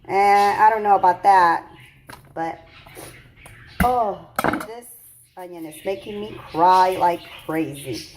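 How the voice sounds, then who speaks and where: A woman's voice: on the low side, slow pace, long pauses, slight background noise. A woman chatting her way through a home cooking tutorial in her kitchen, rambling with lots of fillers and self-corrections, teary from cutting onions. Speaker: cooking vlogger.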